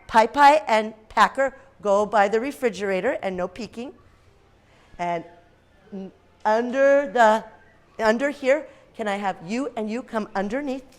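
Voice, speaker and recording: A woman teacher reading aloud and leading games in a classroom, lively and expressive with playful gasps. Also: a little high.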